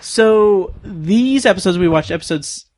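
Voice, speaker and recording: A woman's voice: medium pitch, animated, measured pace, a little mellow. A woman co-hosting a podcast, chatting casually about TV shows with many fillers and frequent laughs. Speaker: podcast co-host. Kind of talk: casual chat and show review.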